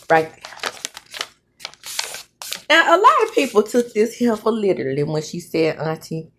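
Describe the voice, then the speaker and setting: Slow, dramatic woman recapping a soap. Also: mid-range voice, huge pitch swings, fairly bright tone, slight background noise. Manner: dramatic, laughing, switches into characters' voices. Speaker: soap opera recap host. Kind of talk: casual recap with acted-out quotes.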